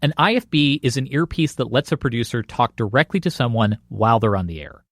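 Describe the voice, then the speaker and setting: A man narrating a documentary podcast in a lively storytelling cadence. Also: mid-range voice, brisk, no room sound, studio quality. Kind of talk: scripted narration.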